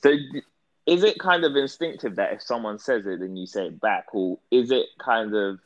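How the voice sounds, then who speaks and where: A man with a somewhat low voice hosts a relaxed conversation. He poses long, wandering questions and thinks aloud as he goes. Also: moderate pace, highs cut off. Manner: thoughtful, questioning, rambling. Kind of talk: casual chat.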